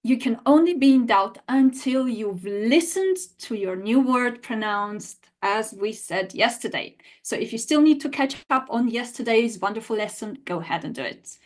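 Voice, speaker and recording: A woman's voice: a little high, normal speed, hardly any pauses. A woman teaching a live online language lesson, talking straight to her viewers and answering their chat replies. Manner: lively, animated, talks to viewers directly.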